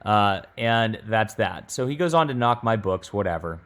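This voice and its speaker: A man's voice: lowish voice, animated, moderate pace, a bit bright. A man with a casual vlog delivery, exasperated and mocking, full of fillers and restarts. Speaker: YouTube commentator.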